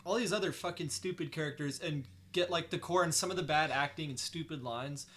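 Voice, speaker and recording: A man's voice: a little high, a little fast, fairly bright tone. A young man in casual podcast chat, rambling and profane, with lots of fillers. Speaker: podcast co-host.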